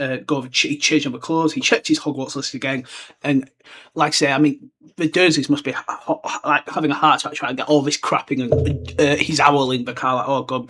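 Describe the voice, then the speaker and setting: A young man hosting a casual podcast, rambling through a book chapter and slipping into quick character voices. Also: mid-range voice, fairly bright tone. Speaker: podcast host.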